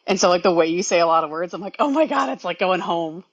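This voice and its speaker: A woman's voice: lowish voice, expressive, fast talker. A woman calling in to a live podcast, bubbly and laughing, full of "like" and playful quotes. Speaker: caller. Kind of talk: casual call-in chat. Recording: muffled call-in audio.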